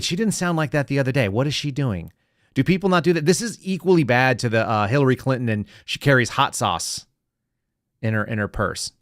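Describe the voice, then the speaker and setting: A man's voice: mid-range voice, a bit bright, no room sound, clean studio sound. A man from the United States hosting a political commentary podcast, sarcastic and talking to his live chat. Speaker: podcast host.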